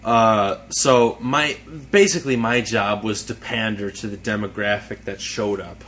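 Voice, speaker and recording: A young man co-hosting a casual podcast, telling a story in a halting, rambling way. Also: lowish voice, a bit bright, a little hiss or hum. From United States. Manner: rambling, halting, restarts a lot. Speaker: podcast co-host. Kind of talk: casual chat.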